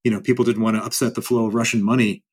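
Emphatic male guest, mid-pitched voice. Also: level tone, rapid-fire, husky. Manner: emphatic and repetitive. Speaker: interview guest. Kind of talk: explanatory interview answers.

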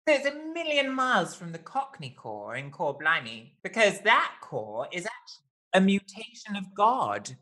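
A man's voice: high-pitched, huge pitch swings, normal speed, pushed and bright. A man hosting a casual chat, theatrical and playful, with a wordy way of talking. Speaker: host.

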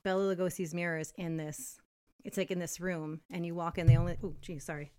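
Chatty woman telling a lively story. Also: fairly low pitch, fairly quick, smooth. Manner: animated storyteller, laughs often. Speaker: podcast co-host. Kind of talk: casual chat.

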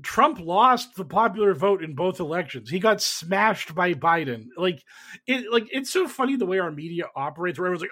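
A man talking politics on a panel, animated and mocking, often putting on sarcastic voices and swearing. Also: high voice, normal speed. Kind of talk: casual political discussion.

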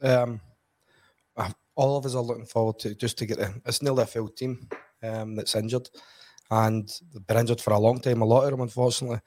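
A man's voice: mid-range voice, fairly even intonation, brisk, a little mellow, no room sound. A Scottish man giving blunt football opinions in casual podcast chat. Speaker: football pundit.

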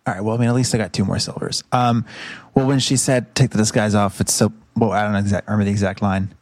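A man's voice: lowish voice, fairly even intonation, fast talker, no room sound. A man playing a tabletop game who jokes around and laughs easily. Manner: jokey, laughs easily, playful. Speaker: player. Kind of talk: casual tabletop play.

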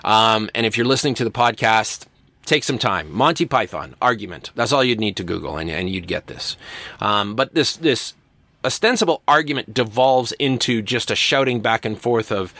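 In a dry recording, a man with a lowish voice and moderate pace teaches a university writing class. The English instructor lectures casually and animatedly, performing quoted voices as he goes.

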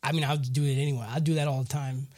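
A man's voice: mid-range voice, very fast. A man hosting a podcast, recapping an anime episode in a casual, profane, joking way. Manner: profane, joking, animated storyteller. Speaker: podcast host.

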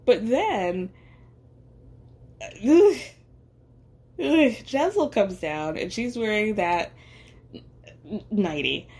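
A woman's voice: medium pitch, big pitch swings, extremely slow, long pauses, darkish tone. A woman hosting a podcast, recapping a reality show in casual commentary. She talks chattily, says "like" a lot, asks rhetorical questions and laughs often. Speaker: podcast host.

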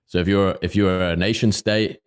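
A podcast co-host speaks at a moderate pace in a clean, low voice with fairly even intonation. The talk is a casual, laid-back ramble full of fillers.

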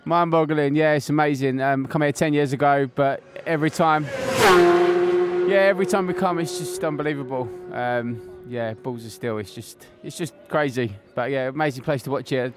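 A man talking enthusiastically outdoors at a race, in halting answers. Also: on the high side, very noisy. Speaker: interviewee at a race. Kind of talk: casual chat. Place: outdoors beside a road race.

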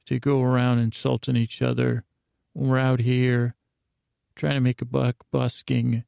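A man's voice: medium pitch, completely flat delivery, a little slow, gravelly, mellow, clear, resonant tone, no echo, studio quality. A man voicing a chatty, joking male ventriloquist dummy with only a top half, in a rambling, easygoing way.

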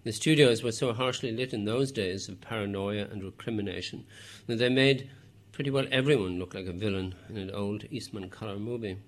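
A man narrates a novel in a measured, even storytelling voice. His pitch sits on the low side, and he drops in the odd wry aside to the listener. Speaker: audiobook narrator. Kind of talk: scripted narration.

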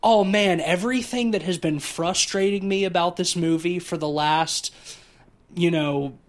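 A man's voice: high voice, unhurried. A man in his thirties co-hosting a podcast, talking casually and profanely about a film. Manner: rambling, animated, profane. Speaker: podcast co-host.

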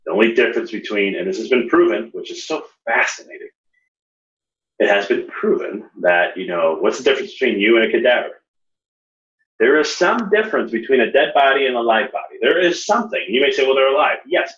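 A man in his thirties hosting a reflective spiritual talk, earnest and animated as he tells stories. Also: medium pitch, a little fast. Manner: earnest, animated storytelling with rising emphasis. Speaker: podcast host. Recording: echoey, slightly dull room recording.

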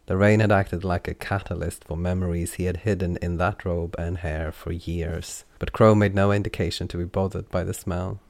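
Deep gravelly man narrating a fantasy audiobook. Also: darkish tone, dry recording.

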